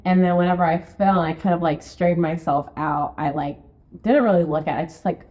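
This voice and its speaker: A woman co-hosting a podcast in casual chat, telling stories full of fillers and acting out her own quotes in a high voice. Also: a little fast, warm tone. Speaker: podcast co-host, real estate marketing and sales director. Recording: dull lo-fi podcast recording.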